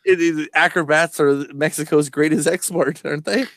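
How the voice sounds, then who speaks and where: Deadpan joking man, close and dry. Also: fairly high pitch, moderate pace, no echo. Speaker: podcast co-host. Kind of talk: casual live-show banter.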